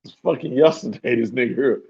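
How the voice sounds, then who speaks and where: A man's voice: mid-range voice, fairly quick, creaky, mellow, husky, dull audio. A man hosting a podcast, telling a story in a loose, profane way and laughing often. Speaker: podcast host.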